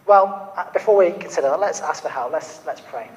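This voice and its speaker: A man's voice: on the high side, brisk. A man preaching a sermon, earnestly putting questions to his listeners. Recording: reverberant hall.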